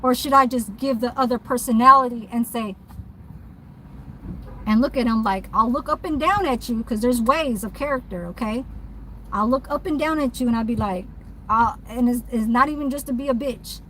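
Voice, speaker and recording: A woman's voice: fairly high pitch, moderate pace, sharp tone, slight background noise, rough recording. A woman who works as a mobile nail tech, ranting bluntly and profanely in a casual vlog from her parked car.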